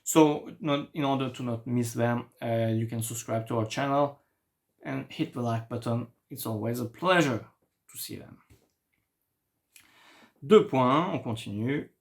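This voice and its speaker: A man with a French accent, a native French speaker, teaching a beginner French lesson online and talking patiently while he writes. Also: medium pitch. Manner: slow, patient, thinking aloud while writing.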